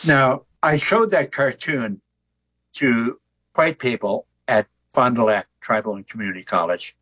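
A husky older man, an author and artist, tells stories as an interview guest in an unhurried, medium-pitched voice. He's a relaxed storyteller who jokes around, though the audio quality is poor.

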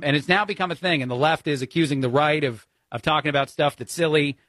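A man's voice: mid-range voice, fairly bright tone, no room sound. Jersey-raised man with a New York accent. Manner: conversational, frequent uh fillers. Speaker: radio talk show fill-in host. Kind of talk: political talk radio monologue.

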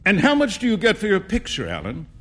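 A kind-hearted young gentleman speaks earnestly in a storybook reading, as a man puts him on. His voice sits a little higher and moves with lively intonation. He sounds good-natured and gently pleading. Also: fast, heavily acted.

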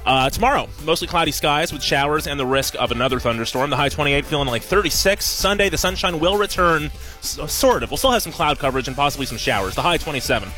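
A man reading the radio weather and traffic at a quick clip, with an upbeat delivery. His voice is raised and bright, and faint music plays beneath it. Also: a little high, expressive. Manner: brisk, upbeat.

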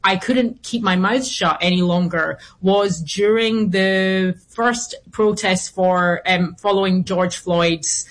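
A woman's voice: mid-range voice, slow, few pauses. A woman gives a long, earnest interview answer in a mid-range voice. She keeps going through small restarts and fillers. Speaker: guest commentator.

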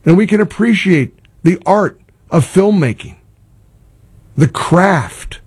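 Animated, husky talk radio man. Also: sits high, takes it slowly. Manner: exasperated, ranting, animated. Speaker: radio talk show host. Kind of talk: opinionated talk radio monologue.

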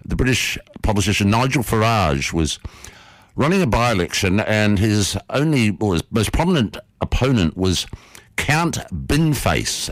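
Lively man hosting radio. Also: fairly low pitch, no echo. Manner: lively, playful, quick storytelling. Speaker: radio host. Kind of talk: radio storytelling and interview intro. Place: radio studio. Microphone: studio microphone.

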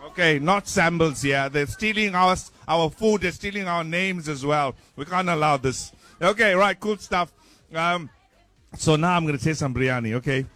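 A man's voice: a little high, moderate pace, pushed and bright. A man hosting a live breakfast radio show, joking and chatting while he tastes food. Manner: jokey, playful, talking while tasting food. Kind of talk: live outdoor radio broadcast chat.

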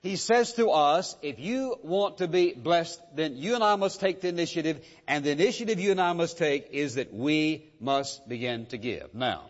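A man's voice: on the high side, animated, normal speed, few pauses. A pastor preaching a sermon, pressing his point with rhetorical questions and repeated words. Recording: dull lo-fi sound in a reverberant hall.

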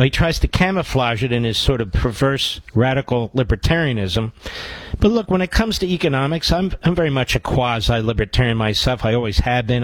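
A man's voice: medium pitch, dry recording, rough recording. A man hosting a call-in radio talk show, combative and opinionated, with a sarcastic edge. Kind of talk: talk radio, taking calls.

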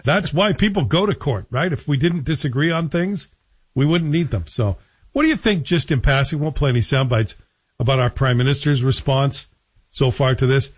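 A male morning radio host with a slightly husky voice talks in a loose, conversational way, offering opinions and asking his guest questions. The sound is dry and close, with a somewhat dull, muffled broadcast quality. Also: mid-range voice, moderate pace, no room sound. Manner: conversational, opinionated, chuckles between points. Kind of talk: casual talk radio chat. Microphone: studio microphone.

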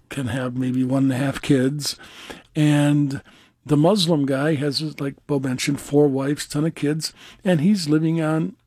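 A man's voice: mid-range voice, a little mellow, dry recording, studio quality. A man in casual political chat, rambling and scornful, with many fillers.

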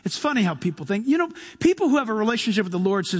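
Pastor, male, high tenor, lively sermon delivery with loud and hushed turns, long hall reverb. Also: very fast, husky. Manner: animated, shifts between loud bursts and soft hushed asides.

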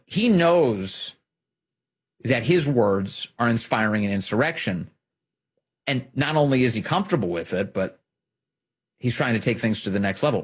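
Man, political commentary host, husky voice, lively swooping pitch, emphatic repetition. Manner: emphatic, repeats phrases for effect.

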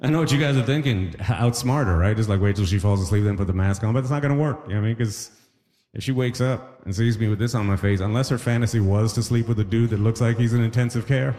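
A man's voice: fairly low pitch, quick pace, warm tone, in a large hall. A man from the Caribbean performing a conversational stand-up comedy set, with punchy asides.

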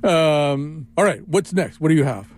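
A man in his seventies hosting a radio talk show, rambling and chuckling as he chats. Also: measured pace. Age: 70s. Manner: rambling, chuckling, lively swings in pitch. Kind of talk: casual radio chat.

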